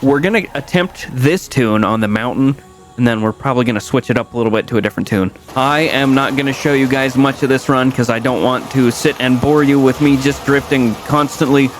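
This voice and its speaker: A young man giving casual, rambling commentary over a car video game, correcting himself often and jumping up in pitch when something surprises him. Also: a little fast. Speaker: gaming YouTuber.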